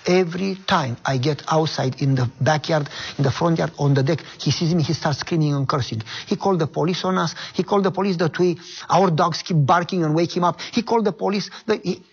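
A man, a minister speaking English as a second language, telling an animated story in an interview and acting out the voices he quotes. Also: fairly high pitch, fairly quick, hardly any pauses, breathy edge, lo-fi sound. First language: not English. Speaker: guest minister.

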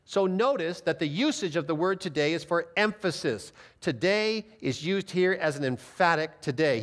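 A man's voice: sits high, a bit bright. A man preaching as a pastor, reading scripture aloud and explaining it in an emphatic teaching manner. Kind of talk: Bible teaching sermon.

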